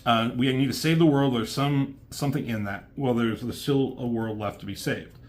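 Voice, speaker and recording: A man's voice: medium pitch, moderate pace, darkish tone, close to an everyday voice. A man voicing a stern older male mentor who scolds a young recruit impatiently. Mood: stern lecturing.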